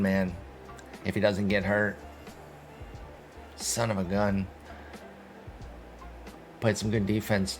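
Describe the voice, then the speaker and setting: A man giving casual, excitable commentary while playing a sports video game, talking to his viewers and mocking himself. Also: fairly low pitch. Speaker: gaming video host.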